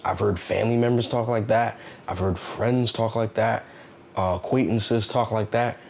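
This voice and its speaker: A man's voice: on the low side, steady tone, moderate pace, vocal fry, slight background noise. A man giving a casual motivational talk, earnest and preachy, repeating himself and asking rhetorical questions. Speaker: self-help vlogger.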